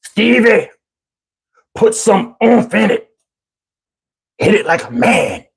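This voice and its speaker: A man voicing his stern older grandfather, giving gruff, bossy commands to a boy. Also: high-pitched, lively intonation, slow, exaggerated voice.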